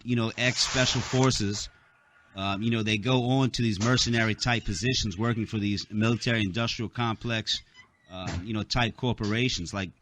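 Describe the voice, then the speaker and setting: Male talk radio host, low pitch, bright forceful tone; rambling monologue full of fillers; bothered by hiccups; dry close mic. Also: no room sound. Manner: rambling, many "you know" fillers.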